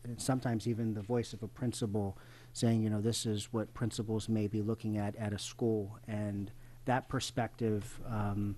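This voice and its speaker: A man's voice: on the low side, level tone, moderate pace, dark tone, slight background noise. A man on a school board giving a tribute in a public meeting, hesitating often with uh and um. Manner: hesitant, many uh and um fillers. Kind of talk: formal tribute speech.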